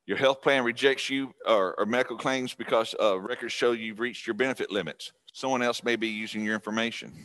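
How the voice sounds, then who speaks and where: A man's voice: mid-range voice, a bit bright. A middle-aged man giving a casual, folksy talk to a class of seniors, chatty with restarts. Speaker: guest speaker on scam prevention.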